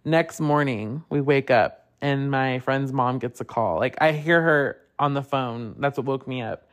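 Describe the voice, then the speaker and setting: A young man hosting a podcast, telling a personal ghost story in a casual, profane way, full of fillers. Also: unhurried. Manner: chatty, profane, lots of "like" fillers; puts on high voices when quoting others. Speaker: podcast host.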